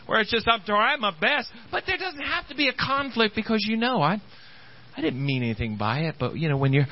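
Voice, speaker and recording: A man delivers a sermon in a high, lively voice that swings widely as he breaks off and restarts his sentences. He acts out the voices of the people he quotes. The recording is dull and lo-fi, like a church tape. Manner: animated, halting preacher acting out quoted voices. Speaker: pastor.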